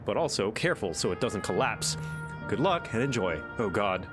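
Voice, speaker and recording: A man's voice: lowish voice, expressive, normal speed. A man casually commenting while he plays a video game, reading lines aloud and cooing at a pet. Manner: playful, reads game dialogue aloud, coos at pets. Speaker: streamer. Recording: game music playing behind.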